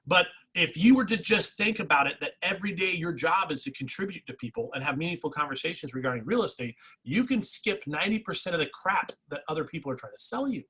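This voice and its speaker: A man giving a motivational real estate coaching talk, energetic and repetitive, speaking straight to his agents. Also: on the high side, fast talker, few pauses, husky, poor audio. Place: training session.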